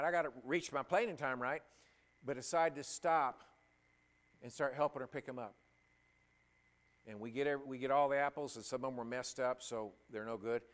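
Preacher guy telling a story in his sermon, gets choked up, keeps restarting. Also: medium pitch. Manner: emotional, halting, with repeated restarts.

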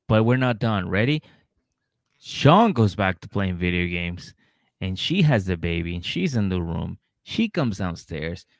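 A man's voice: low-pitched, no echo, studio quality. A man with a New York accent, chatting casually and profanely on a podcast, laughing and acting out scenes in quoted voices. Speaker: podcast co-host. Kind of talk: casual chat recapping a reality show.

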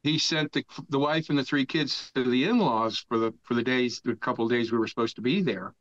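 A man's voice: mid-range voice, steady tone, a little fast, fairly bright tone, no room sound. An older man from the United States, a podcast guest, telling a rambling, profane story in casual talk and laughing as he goes. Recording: dull lo-fi dry sound.

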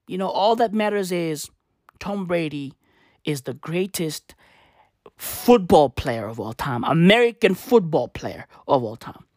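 A high-pitched male vlogger in South Africa launches into a comedic, profanity-laced rant packed with slang and repeated rhetorical questions. The recording is clean studio audio with no room sound.

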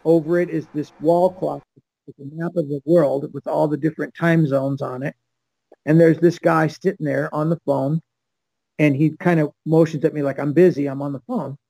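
Older guy from LA telling a story on a podcast, kinda high voice with a rough edge. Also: flat delivery, moderate pace, mellow, dry recording, low-quality recording. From Los Angeles, USA. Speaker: podcast guest. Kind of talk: storytelling anecdote.

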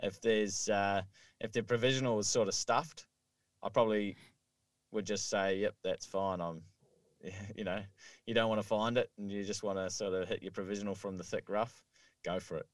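A man's voice: lowish voice, steady tone, moderate pace, no room sound, far from the mic. A man co-hosting a casual golf podcast, explaining rules step by step with many fillers. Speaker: podcast co-host. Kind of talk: casual chat. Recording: dry, a little off-mic.

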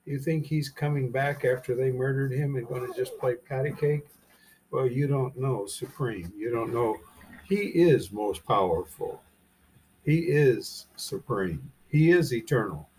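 A man teaching verse by verse through a scripture chapter, reading each verse slowly and then commenting with emphatic rhetorical questions. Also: mid-range voice, darkish tone, a little hiss or hum. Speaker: Bible teacher.

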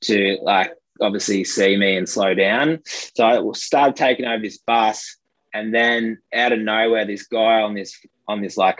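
A man's voice: fairly low pitch, a bit bright, dry recording, poor audio. A young Australian man telling a rambling anecdote in casual chat, full of fillers. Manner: rambling, filler-heavy, laughs between lines. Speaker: storyteller.

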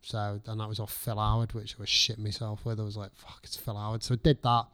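Swearing chef telling stories. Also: male voice, lowish voice, fast. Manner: swears freely, lively storytelling, acts out own past thoughts. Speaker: chef guest. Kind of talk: casual podcast chat.

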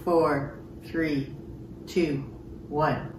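Offscreen helper, very slow, quiet flat counting, distant in an echoey room. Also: mid-range voice, slight background noise. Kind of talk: casual chat.

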